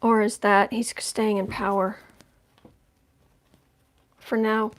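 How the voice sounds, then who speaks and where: A woman's voice: mid-range voice, flat delivery, takes it slowly. A woman reading tarot cards on a livestream, thinking aloud in a conversational way as she turns each card. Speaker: tarot reader.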